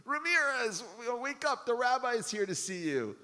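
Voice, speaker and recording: A man playing a big, gruff male prison guard who calls out loudly in a raised, high voice. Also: expressive, normal speed, heavily acted. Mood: calling out. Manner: loud, high, calling out. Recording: long hall reverb.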